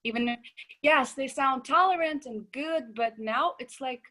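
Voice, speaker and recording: Young female student, unhurried, thoughtful, filler-heavy. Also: high voice, sharp tone. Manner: thoughtful, hesitant, with many fillers. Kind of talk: student comment in online discussion. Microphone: video call.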